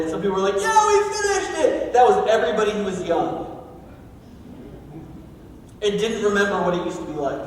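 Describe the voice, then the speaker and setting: A man's voice: sits high, slight background noise. A man preaching a sermon as pastor of a church, in a casual, joking, conversational way. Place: church sanctuary. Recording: echoey hall from far off.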